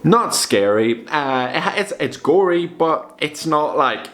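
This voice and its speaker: Animated young man ranting casually. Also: fairly high pitch, normal speed, hardly any pauses. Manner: animated, rambling, swears freely. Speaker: video creator reviewing films. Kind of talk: casual vlog commentary.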